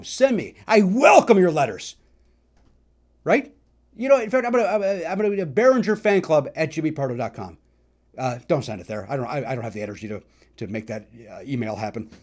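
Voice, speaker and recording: A middle-aged male comedian hosting his own podcast, telling self-mocking stories about records, with loud bursts and mumbled asides. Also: on the high side. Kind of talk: comic solo monologue about records.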